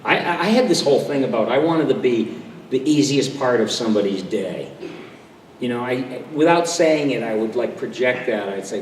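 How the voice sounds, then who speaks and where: A man's voice: medium pitch, lively intonation, a little hiss or hum. Chatty older man in an echoey hall. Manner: chatty, self-deprecating, jumps into quick impressions. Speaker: convention panel guest. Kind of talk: relaxed storytelling to an audience. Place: convention hall. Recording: distant, echoey hall recording with faint crowd ambience.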